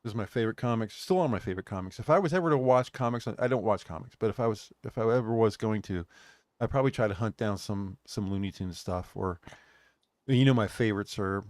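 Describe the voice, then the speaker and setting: A man's voice: fairly low pitch, fast, no echo, studio quality. A nostalgic man in his sixties. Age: 60s. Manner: rambling, nostalgic, reads chat comments aloud. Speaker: show host. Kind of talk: casual chat.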